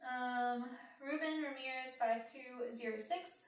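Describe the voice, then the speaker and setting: A young woman hosting an ASMR channel talks softly, slipping in and out of a whisper as she answers viewer questions with plenty of fillers. Her voice sits a little high. The recording is very echoey, with the mic some way off from her. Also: steady tone, unhurried, recorded from a distance. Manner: soft, partly whispered, chatty with many fillers. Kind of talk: soft-spoken Q&A chat.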